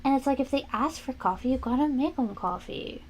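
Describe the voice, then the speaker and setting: Young woman streamer, chatty and animated, slightly high voice with lots of pitch movement. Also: brisk, slight background noise. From family from New England, lives in Florida. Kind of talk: casual chat while working on stream.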